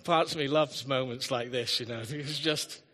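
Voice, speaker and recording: A man's voice: medium pitch, moderate pace, fairly bright tone. A man preaching a live sermon as pastor, telling chatty stories with humorous asides in a church hall. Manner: chatty storytelling with asides and self-deprecating humor. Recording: long hall reverb.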